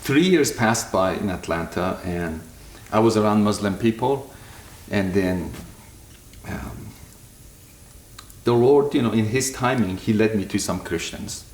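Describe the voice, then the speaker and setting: A man's voice: fairly low pitch, measured pace, darkish tone. A man from Iran, earnestly sharing his personal faith story in a home kitchen. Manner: earnest, passionate, slightly broken English. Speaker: guest sharing testimony. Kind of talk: personal testimony, casual storytelling. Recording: echoey room.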